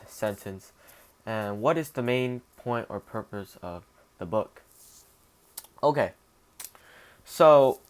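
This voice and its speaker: A young man giving a casual spoken book review, thinking aloud with fillers, restarts and frequent tag questions. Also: medium pitch.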